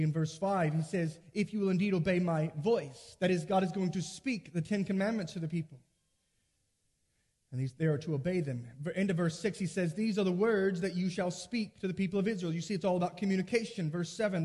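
A man's voice: sits high, darkish tone, slightly rough, big-room sound. A man preaching an expository sermon, teaching earnestly and repeating key phrases for emphasis.

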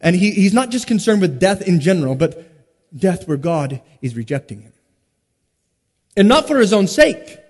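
A man preaching an expository sermon, with emphatic stresses, sudden hushed drops and rhetorical questions. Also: high voice, big pitch swings, husky. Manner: rhetorical questions and dramatic pauses. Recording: long hall reverb.

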